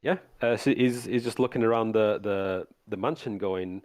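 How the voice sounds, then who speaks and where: Low guy game-mastering a tabletop game, halting, restarts a lot, dry close sound. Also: no echo. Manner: relaxed, halting, with many restarts. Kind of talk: narrating a tabletop game on a live stream.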